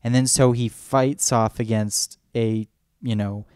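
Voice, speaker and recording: Smooth, a little mellow, and mid-range, the man's voice stays steady and slow in a studio-quality recording without echo. He's a podcast co-host enjoying casual fan chat, rambling enthusiastically and acting out lines from movies.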